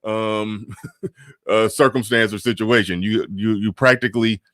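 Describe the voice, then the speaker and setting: This is casual live-stream commentary from a very low-voiced man who reads the chat aloud, riffs loosely, chuckles between points, and repeats himself. He speaks unhurriedly with fairly even intonation and a fairly bright tone. The sound is close, dry, and echo-free.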